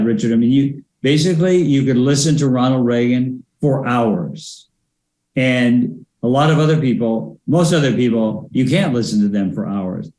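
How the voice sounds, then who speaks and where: An older man, a former presidential advisor and speech coach, giving measured, anecdotal interview answers with frequent fillers. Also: mid-range voice, a little mellow. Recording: roomy echo.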